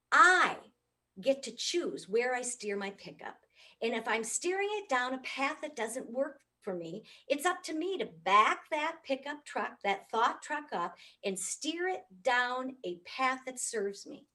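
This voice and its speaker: A middle-aged woman from the United States giving a comic, animated keynote talk. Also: sits high, measured pace. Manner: animated, comic, swoops up for punchlines. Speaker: motivational speaker.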